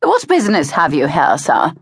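A woman voicing a crisp, stern older Englishwoman. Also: low-pitched, huge pitch swings, moderate pace, no room sound, clean studio sound, heavily acted. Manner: crisp and curt. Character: stern older Englishwoman guarding her cottage.

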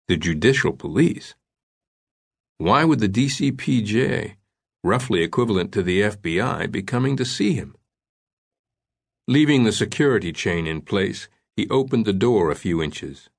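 A man narrating an audiobook thriller in a measured, suspenseful way. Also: fairly low pitch, gravelly.

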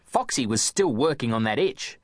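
A man narrating a children's audiobook in a playful, expressive storytelling manner. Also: mid-range voice, moderate pace, dry recording, clean studio sound.

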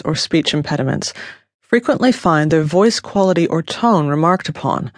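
A woman reads her own nonfiction audiobook in a steady, measured way. She is recorded on a close studio mic in a dead-dry booth with no room sound at all. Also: sits low, no echo. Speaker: author narrating her own book.

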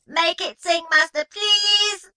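A woman voicing a tiny, whiny male slave demon who speaks in broken, wheedling phrases with a high-pitched whine. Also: slow pace, bright, forceful tone, heavily acted. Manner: ingratiating, broken wheedling speech.

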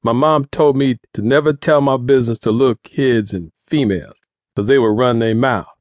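A man voicing a cocky, scheming teenage street boy who talks quick and pushy. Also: medium pitch, dry recording, close to an everyday voice. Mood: urgent.

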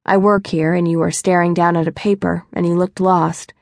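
A woman voicing a smooth, joking young male bank worker in an audiobook, with an easy, friendly manner. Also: lowish voice, flat delivery, moderate pace, a little mellow, no room sound. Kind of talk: audiobook dialogue.

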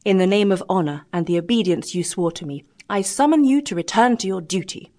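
A woman's voice: mid-range voice, brisk, darkish tone, close to an everyday voice. A woman reading an audiobook, voicing a proud male ship captain who speaks in a firm, formal way. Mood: firm protesting.

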